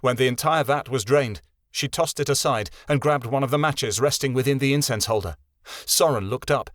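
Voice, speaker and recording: A man narrates a fantasy audiobook in a measured, dramatic way. His voice sits mid-pitch and the recording is dry and close. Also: fairly bright tone, no echo.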